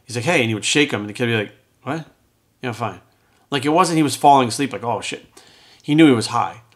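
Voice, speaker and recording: A man's voice: medium pitch, animated, rapid-fire. A middle-aged man telling a personal story in a casual, rambling monologue, acting out the lines of the people in it as a podcast host. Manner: rambling and conversational, acts out quoted dialogue. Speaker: fitness coach and podcast host.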